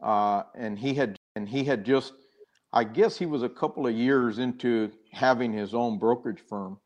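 A man's voice: medium pitch, moderate pace, a little mellow, dull audio. An older man, a guest in an interview, earnestly telling a personal story with many restarts and acted-out quoted dialogue.

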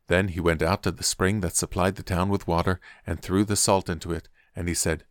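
A man reading a Bible passage aloud as scripted narration, measured and deliberate. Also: low-pitched, fairly even intonation, clear, resonant tone, no room sound, clean studio sound. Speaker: Bible reader.

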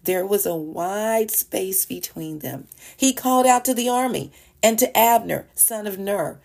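A woman's voice: mid-range voice, a little slow, gravelly, a little mellow. A woman hosting a devotional podcast, reading a Bible passage and explaining it in a chatty way with small laughs. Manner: reads scripture aloud, then explains it in a chatty way with small laughs. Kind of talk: casual Bible teaching. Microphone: podcast voice message recording.

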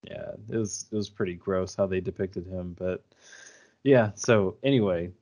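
A man's voice: sits low, moderate pace, a little mellow, dull audio. A young man co-hosting a casual chat, retelling scenes with lots of fillers and restarts. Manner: rambling, many fillers and restarts.

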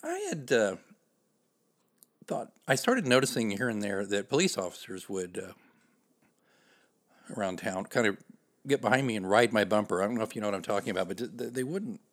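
A man's voice: on the low side, very animated, a little fast, pauses often. A man hosting a podcast, telling a personal story in a conversational, self-deprecating way with frequent fillers. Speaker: podcast host.

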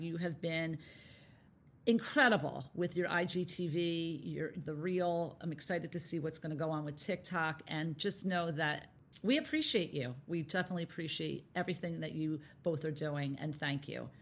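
Effusive woman podcast co-host, lowish voice. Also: slight background noise. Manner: effusive, gives shout-outs. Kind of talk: casual chat.

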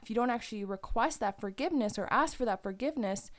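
A woman's voice: fairly high pitch, animated, fast. Blunt, casual young woman who swears. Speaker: podcast co-host. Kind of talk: casual chat.

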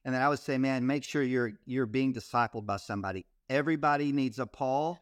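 Male ministry guest, mid-pitched, animated storyteller, dry close-mic recording. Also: a little fast, no room sound. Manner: animated storyteller, frequent repeated starts. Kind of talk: casual interview, storytelling.

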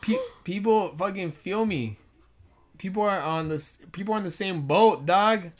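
A man's voice: high-pitched, normal speed. A young man co-hosting a podcast, joking around and swearing casually in slangy chat. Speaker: podcast co-host.

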